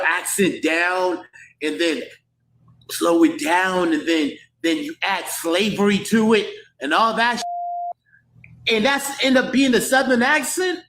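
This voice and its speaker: A man ranting in a slow, incredulous way in a played clip. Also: high-pitched, fairly bright tone. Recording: roomy clip with faint noise.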